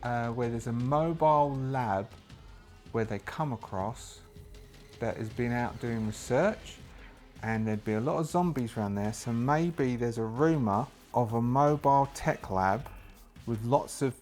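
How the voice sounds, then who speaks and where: Hesitant man narrating a solo tabletop game, mid-pitched, soft music underneath. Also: measured pace. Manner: thinks aloud, hesitant, many restarts.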